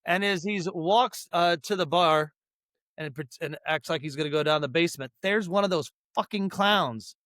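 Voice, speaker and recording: A man's voice: a little high, normal speed, a bit bright, dry recording, studio quality. A man co-hosting a podcast, recapping a movie in a loose, rambling way with lots of swearing and fillers. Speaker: podcast co-host. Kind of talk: casual movie recap chat.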